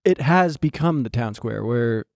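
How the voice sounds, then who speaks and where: Young male comedy podcast co-host, mellow tone, animated storyteller. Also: mid-range voice, a little slow, gravelly, no echo, soft background music. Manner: animated storyteller who slips into mock voices. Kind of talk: casual comedic chat.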